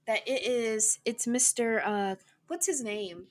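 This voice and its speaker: A woman's voice: fairly high pitch, measured pace. A young adult woman co-hosting a podcast, recapping an episode in casual chat with a sarcastic, giggly manner. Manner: sarcastic, giggly, talks over her co-host. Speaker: podcast co-host.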